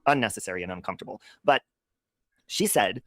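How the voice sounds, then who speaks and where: A man hosting a livestream, chatting casually in an animated, gossipy and profane way. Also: on the low side, brisk, no room sound. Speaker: livestream host.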